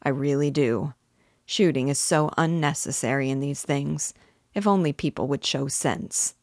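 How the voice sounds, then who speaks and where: A woman reading the part of a smooth, persuasive, scheming cattle rancher from a novel read aloud. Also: sits low, a little slow, darkish tone, dry recording, studio quality.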